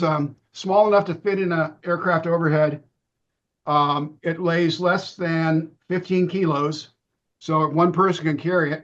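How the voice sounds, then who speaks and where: A middle-aged man losing his voice, giving a relaxed presentation with many ums and restarts over a video call. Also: on the high side. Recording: dull lo-fi video-call audio.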